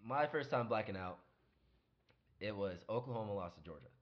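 Young man, low voice, animated storyteller, casual chat, muffled recording. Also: fairly quick. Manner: animated, swearing, acts out quotes loudly. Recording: dull lo-fi sound.

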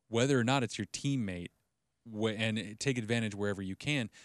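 A man's voice: on the low side, dry recording, studio quality. Enthusiastic man co-hosting a podcast. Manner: enthusiastic, emphatic. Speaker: podcast co-host. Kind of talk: casual chat.

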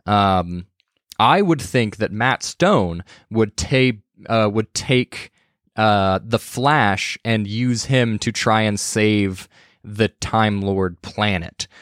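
A man's voice: fairly low pitch, takes it slowly, a bit bright, dry recording, clean studio sound. A man in casual chat, talking hesitantly with many fillers. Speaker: podcast cohost.

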